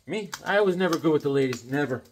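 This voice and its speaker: Talking fast and animatedly in a fairly high voice, with slight background noise, a man hosts a casual comedy chat as a comic collector. He rambles and jokes while leafing through comics, breaking into silly asides, voices, and little songs.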